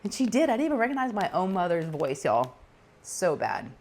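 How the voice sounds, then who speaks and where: A woman's voice: fairly low pitch, a little fast. A woman in her forties, telling stories in a casual chat and acting out the voices of callers. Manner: animated, acts out callers' voices, laughs often. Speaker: crafting channel host.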